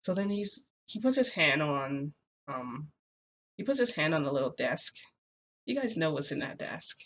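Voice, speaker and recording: A woman's voice: sits low, sing-song, normal speed. A young woman vlogger telling a casual story, rambling and full of "like" fillers.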